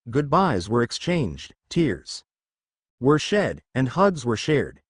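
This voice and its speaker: A man reading a fan fiction story, his pitch rising and falling a lot. The sound is dry and close, with no room around it. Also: big pitch swings, slow, slightly rough, no room sound. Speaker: story reader.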